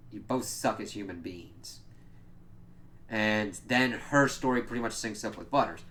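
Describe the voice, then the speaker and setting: A man's voice: mid-range voice, a bit bright. A man giving a casual spoken review of a cartoon episode, swearing often and sounding exasperated as he mock-quotes the characters.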